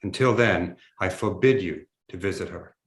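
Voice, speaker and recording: Brief: haughty upper-class English mother, hushed and cutting, low voice, roomy echo, as a male reader puts her on. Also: normal speed, lightly acted. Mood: imperious.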